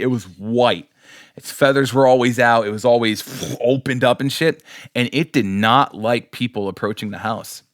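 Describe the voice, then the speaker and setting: With a mid-range voice that's a bit bright, clear and resonant, this male podcast host chats casually, laughing a lot as his stories wander. The sound is clean studio audio with no echo.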